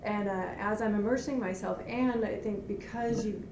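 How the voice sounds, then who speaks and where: A woman's voice: mid-range voice, moderate pace. Nervous eager woman, echoey distant sound. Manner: eager, rambling. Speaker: student, school garden founder. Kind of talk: sharing in class. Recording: echoey room, distant, noisy.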